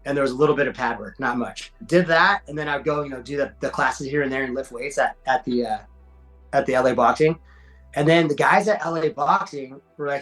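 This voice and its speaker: A middle-aged man, a podcast guest telling fight stories in a slangy, animated way. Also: mid-range voice, fast, faint music behind, rough recording. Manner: animated, acts out quoted voices, slangy. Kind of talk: casual storytelling.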